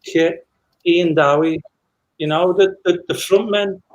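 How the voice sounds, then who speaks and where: A man's voice: sits high, fairly even intonation, takes it slowly, dull audio, noisy background. A middle-aged man, a former footballer, telling anecdotes in a rambling casual chat with many restarts.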